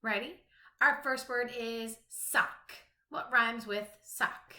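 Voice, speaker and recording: A woman teaching a phonics lesson to young children, slowly sounding out rhymes, letters and words. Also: a little high, fairly even intonation, sharp tone. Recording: echoey room.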